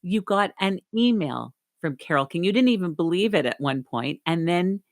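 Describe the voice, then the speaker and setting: A woman's voice: lowish voice, animated, dry recording, studio quality. A woman hosting an interview, asking questions and reacting with enthusiasm. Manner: warmly enthusiastic, quick reactions. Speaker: podcast host.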